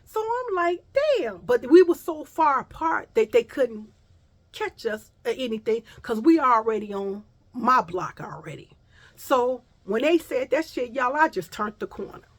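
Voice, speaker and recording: A woman recounting a personal story for her viewers, animated and full of profanity. Her voice sits a bit high and she talks to the audience directly. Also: a little slow. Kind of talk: casual storytime vlog.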